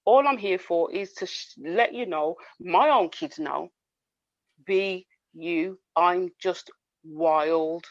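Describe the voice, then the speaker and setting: A woman's voice: on the low side, takes it slowly, dry recording. A woman co-hosting a podcast, talking emphatically and repeating her points in casual chat. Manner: emphatic, talks over others, repeats points. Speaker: podcast co-host. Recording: dull lo-fi sound.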